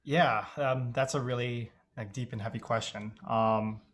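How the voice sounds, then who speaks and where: A man's voice: medium pitch, fairly even intonation, a little slow, fairly bright tone. A young man raised in Dubai, guest on a casual podcast interview, talking in a hesitant, reflective way full of fillers. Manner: hesitant, reflective, heavy use of "like" and "you know".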